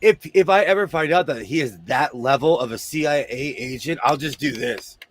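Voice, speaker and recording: A man hosts a casual chat in a fairly high voice at a moderate pace, joking around even as he loses his voice. He's chatty and full of joking asides.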